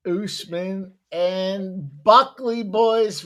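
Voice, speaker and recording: A man's voice: high-pitched, takes it slowly, hardly any pauses, sharp tone. A man hosting a live betting stream, joking loosely and swearing as he hypes the bets. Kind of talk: casual live-stream banter.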